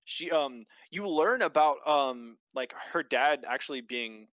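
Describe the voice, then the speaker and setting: A man's voice: mid-range voice, no echo. A man co-hosting a podcast, casually recapping a show with lots of fillers and swearing. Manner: animated, quick storytelling with lots of fillers and swearing. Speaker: podcast co-host. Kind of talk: casual chat.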